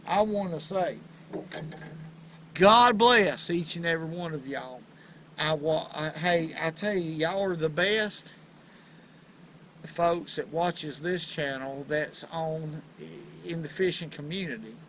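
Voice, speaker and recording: A man hosting a casual fishing vlog from a boat on a river, folksy and excitable as he talks to viewers. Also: fairly high pitch, slow pace, slight background noise, rough recording. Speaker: fishing channel host.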